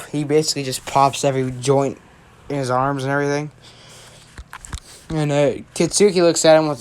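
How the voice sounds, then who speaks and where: A young adult spins a fan story in a loose, rambling way, trailing off and correcting themselves. They keep checking in with quick "right?" tags at a middle pitch. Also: a little mellow, smooth. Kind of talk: casual retelling of a fan story.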